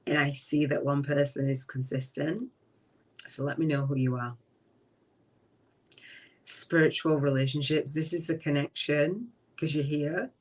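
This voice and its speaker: A middle-aged woman hosting a live-streamed spiritual talk from a relative's home. She speaks slowly and reflectively, trailing off and often dropping to a soft voice. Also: extremely low pitch. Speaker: podcast host. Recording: voice distant from the mic.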